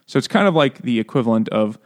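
A man's voice: mid-range voice, animated, quick pace. Joking, rambling man on a podcast. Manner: joking, laughs often, rambling with many fillers. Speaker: podcast co-host. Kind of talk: casual chat.

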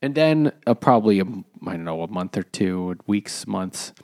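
A man's voice: sits low, lively intonation, moderate pace, a little mellow. A man co-hosting a book club podcast, explaining the plot in casual, rambling detail. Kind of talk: casual chat.

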